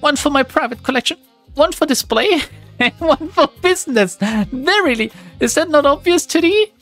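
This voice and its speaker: A man's voice: extremely high pitch, animated, moderate pace, a bit bright, soft background music, pitched above the performer's own voice. A man voicing a theatrical young woman knight who speaks in grandiose, old-fashioned phrases in a raised voice.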